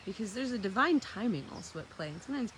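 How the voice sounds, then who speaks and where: A woman's voice: mid-range voice, very animated, quick pace, fairly bright tone, slight background noise. A woman casually chatting to her viewers in a vlog, talking about surrender and going with the flow, and stopping to talk to dogs. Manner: chatty, spiritual, playfully talks to dogs. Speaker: vlogger.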